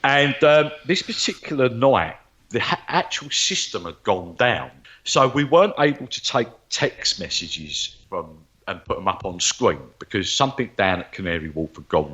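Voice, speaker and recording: A man chats as an interview guest, spinning lively anecdotes with a low, swooping voice that leaps up when he mimics others. The sound is a little dull and lo-fi. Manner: animated, acts out quoted voices. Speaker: guest psychic medium. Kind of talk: storytelling interview chat.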